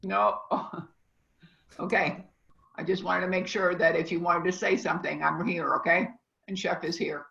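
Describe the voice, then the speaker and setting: A woman's voice: on the low side, steady tone, moderate pace, creaky, a bit bright. A woman teaching a culinary class over a video call, with a rambling, emphatic teacherly delivery. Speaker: culinary instructor. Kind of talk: online class lecture. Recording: echoey, dull lo-fi audio.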